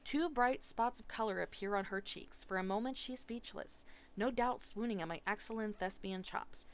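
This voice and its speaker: Woman streamer, audiobook-style narration, expressive, mid-range voice. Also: medium pitch, moderate pace, smooth. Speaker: streamer reading a novel aloud. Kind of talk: live audiobook reading. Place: home streaming setup.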